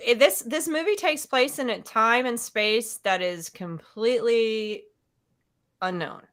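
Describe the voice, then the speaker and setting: Halting woman on a video call. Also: on the high side, fairly bright tone. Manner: halting, restarts often, laughs easily. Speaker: panel co-host. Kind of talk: casual film discussion.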